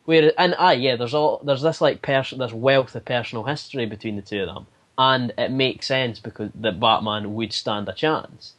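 A man's voice: medium pitch, normal speed, hardly any pauses, fairly bright tone. A man appearing as a podcast guest, chatting casually and giving opinions with some hesitation. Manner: opinionated, thinking aloud, with hesitations. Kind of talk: casual chat.

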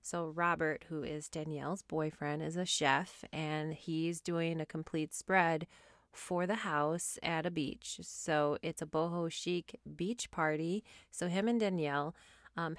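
A woman's voice: low voice, no echo, clean studio sound. A woman hosting her own podcast, ranting with sass and exasperation and swearing freely, then recapping a reality show in casual talk with mumbled asides. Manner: animated, sassy, exasperated ranting with frequent swearing. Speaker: podcast host.

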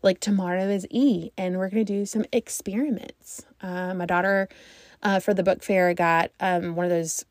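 A woman's voice: lowish voice, fairly even intonation, normal speed, dry recording, studio quality. A woman in her thirties, a mom vlogger chatting casually to her viewers, rambling and thinking aloud.

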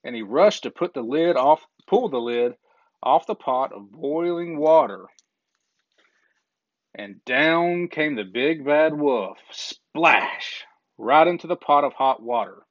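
A man reading a children's story aloud in a gentle, measured way, with small slips now and then. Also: a little high, animated, no echo. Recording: dull lo-fi recording.

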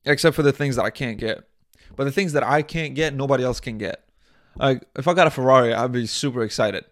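A young man hosts his own podcast, rambling crudely from one joke to the next with bursts of mock outrage. His voice sits at an ordinary male pitch. He is close on the mic in a dry room with no echo. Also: fairly quick, a bit bright. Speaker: podcast host. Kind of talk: casual solo podcast monologue. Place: small indoor set.

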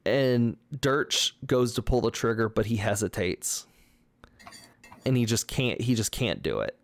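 A man's voice: mid-range voice, animated, a little slow. A man narrating as a tabletop game master, rambling with many likes and ums.

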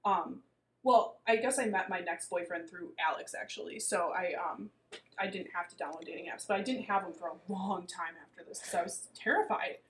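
A woman's voice: lowish voice, fairly quick, fairly bright tone, slight background noise, low-quality recording. A woman in her twenties telling a dating story in casual chat, full of fillers and "like". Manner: chatty storytelling, many fillers and "like".

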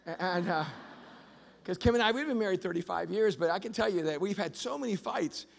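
High-voiced animated pastor in a hall. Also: male voice, a little fast, gravelly. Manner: animated storyteller, rising to shouts. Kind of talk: sermon. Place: church auditorium. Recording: long reverb of a large hall.

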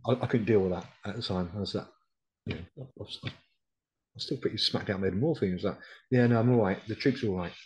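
A man's voice: on the low side, fast talker, darkish tone, rough recording. A middle-aged man, a military veteran, telling his story bluntly in a casual interview, with plenty of swearing. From United Kingdom. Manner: blunt, sweary, quotes others as he tells it. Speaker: podcast guest, decorated RAF Regiment veteran.

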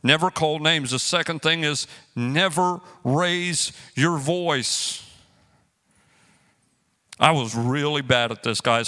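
A man's voice: mid-range voice, clean tone. A man preaching a sermon as pastor, joking and acting out everyday quarrels as he teaches. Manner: animated, joking storyteller who acts out quotes.

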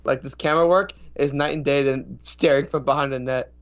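A man co-hosting a casual soccer podcast, telling rambling, animated stories. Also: medium pitch, a little fast, highs cut off. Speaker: podcast co-host. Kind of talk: casual chat.

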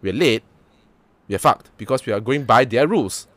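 A man's voice: medium pitch, animated, moderate pace, fairly bright tone, no echo. Blunt, swearing Malaysian-English man. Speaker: podcast host. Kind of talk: casual chat.

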